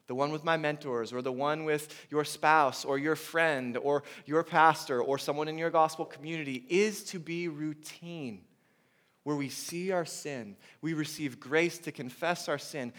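Male pastor, thirties, dynamic sermon delivery, hushed lows and driving highs, mid-range voice. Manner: dynamic preaching, swinging from hushed to loud.

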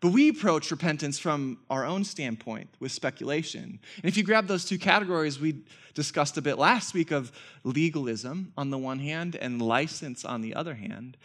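A man preaching a sermon as pastor, animated, with frequent rhetorical questions and scripture read aloud in character. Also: fairly high pitch, moderate pace, hardly any pauses.

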